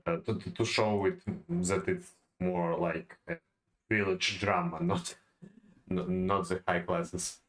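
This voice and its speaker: Brief: man, slow deliberate delivery, low voice, hesitant study-aloud tone. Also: fairly bright tone, low-quality recording. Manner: halting, many fillers and restarts, non-native phrasing. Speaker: self-taught poetry learner. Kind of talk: thinking-aloud study session.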